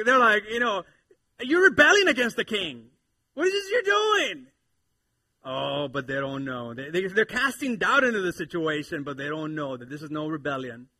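A man in his thirties preaching a sermon in church, animated and playful, swinging between loud exhortation and quiet asides. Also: fairly high pitch, brisk. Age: 30s. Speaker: pastor. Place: church sanctuary with congregation.

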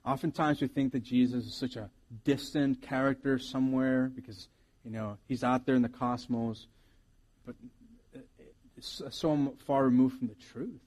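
A man's voice: medium pitch, fairly even intonation, normal speed, a little mellow. A man preaching a sermon as pastor, earnest and reflective, often restarting his sentences.

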